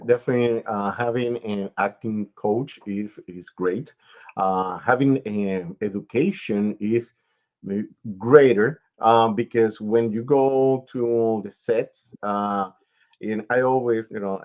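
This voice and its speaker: A man's voice: on the low side, darkish tone, dull audio. A man hosting a radio interview show, who also manages talent, giving long advice in a casual, explaining way. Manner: slow, advising, explains at length.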